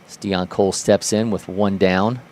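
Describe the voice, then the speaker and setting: Low-voiced man calling baseball play-by-play. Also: normal speed. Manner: lively, rises sharply on big plays. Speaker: play-by-play commentator.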